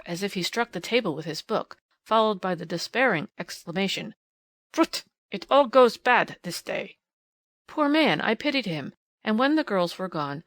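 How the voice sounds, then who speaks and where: A woman's voice: mid-range voice, fairly bright tone, no echo. A woman reading a classic novel aloud as an audiobook, with small voice shifts for the dialogue. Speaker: audiobook reader.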